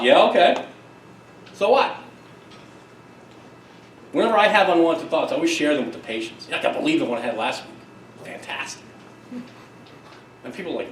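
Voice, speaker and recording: A middle-aged man giving a conference keynote, telling stories in an emphatic, lively way with quick asides. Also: fairly high pitch, a little hiss or hum. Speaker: keynote speaker, psychologist. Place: conference hall. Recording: echoey hall, distant mic, faint ambience.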